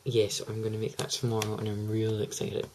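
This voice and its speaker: A man's voice: on the low side, completely flat delivery, brisk, a little mellow, slight background noise, rough recording. A teenage boy, chatting to camera in a hyper, gushing, rambling way. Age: teens. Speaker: vlogger. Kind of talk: casual chat to camera.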